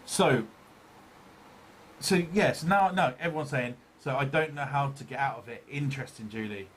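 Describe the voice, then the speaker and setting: An easygoing man hosts a live paranormal talk show, reading viewers' comments aloud in a loose, conversational way. He repeats himself often and laughs readily, with a quiet hum of room sound behind him. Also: medium pitch. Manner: chatty, repeats phrases, quick to laugh.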